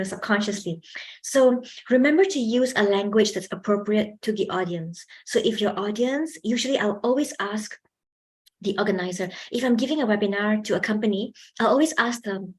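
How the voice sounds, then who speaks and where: A young woman giving a chatty workshop talk on public speaking, often asking the audience questions. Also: medium pitch.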